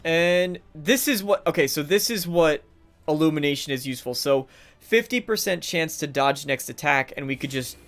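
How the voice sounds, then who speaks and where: A man's voice: a little high, expressive, moderate pace, fairly bright tone, faint music behind. A man streaming a video game live, commenting casually and talking sarcastically to the characters on screen.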